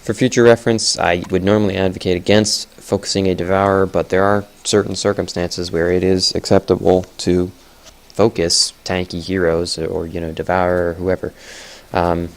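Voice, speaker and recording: A man's voice: low voice, level tone, normal speed. A young man giving casual, chatty commentary on a game replay, blunt and often correcting himself.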